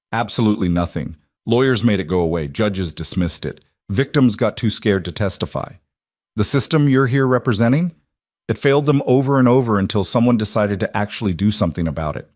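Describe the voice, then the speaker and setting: A guarded female ER nurse, as a male storyteller puts her on, pushed into a corner and answering in tense, clipped lines. The voice sits fairly low for a woman and is recorded dry and close. The delivery is an audiobook reading. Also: a little fast, darkish tone, dry recording, natural voice. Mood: defiant.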